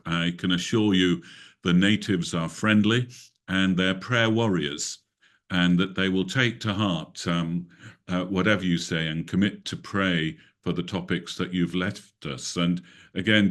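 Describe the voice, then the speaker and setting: Deep-voiced English host. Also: male voice, fairly even intonation, a little slow. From England. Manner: genial, rambling with fillers. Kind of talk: hosting an online prayer meeting. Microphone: video call.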